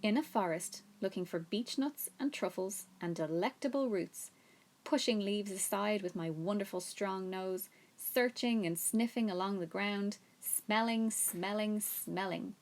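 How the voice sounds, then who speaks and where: A woman reading a storybook aloud, voicing a timid, eager young male pig in a gentle, pleading way. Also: mid-range voice, measured pace, close to an everyday voice. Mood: wistful.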